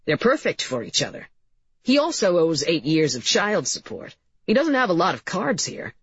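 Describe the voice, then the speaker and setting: A woman's voice: fairly low pitch, sing-song, normal speed, slightly rough, no echo, full character voice. A woman voicing a blunt, weary male police captain, in a slightly dull, dry recording.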